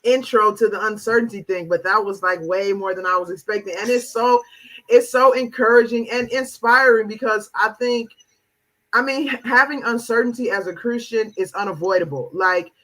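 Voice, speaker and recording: A woman's voice: fairly high pitch, fairly bright tone, low-quality recording. A woman hosting a live talk show, affirming her guest and reading out viewer comments. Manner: affirming, lots of "wow" and "exactly". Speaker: host.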